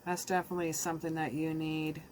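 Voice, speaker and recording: Low, flat-voiced woman reading tarot. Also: quick pace, slight background noise. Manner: casual, emotional, talks straight to the viewer. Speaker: tarot reader.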